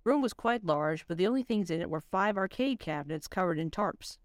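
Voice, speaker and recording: A woman reading her own spooky story aloud on a voice call, in a measured storytelling manner. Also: on the low side, expressive, dry recording, studio quality. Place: home voice chat. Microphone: computer mic on a voice call.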